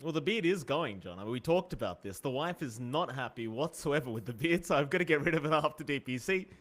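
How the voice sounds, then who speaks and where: A young man casting an esports match live, trading playful teasing banter with his co-caster and getting excitable in the play-by-play. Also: a little high, fast talker. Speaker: esports commentator. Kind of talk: live game commentary and banter.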